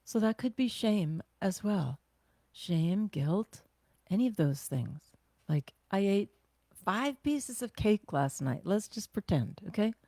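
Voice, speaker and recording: A woman teaching a guided self-care breathing class, talking gently and conversationally with sighs and slow exhales. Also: medium pitch, big pitch swings, no room sound.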